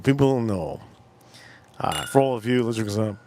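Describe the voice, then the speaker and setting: Hosting a relaxed live stream, a man in his forties rambles through a story and repeats himself, occasionally jumping into loud high-pitched impressions. He talks at a moderate pace, with a slight hiss or hum audible.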